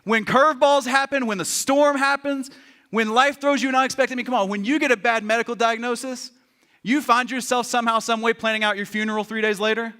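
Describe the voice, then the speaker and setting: A man's voice: very high voice, fairly quick. A man preaching a sermon as pastor, joking and acting out quotes with lots of energy. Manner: animated, joking, acts out quotes. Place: church.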